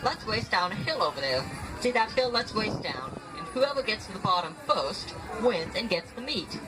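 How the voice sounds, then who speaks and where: A male storyteller voicing a selfish male coyote in a folktale, slow and wheedling. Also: high voice, expressive, background noise. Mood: scheming.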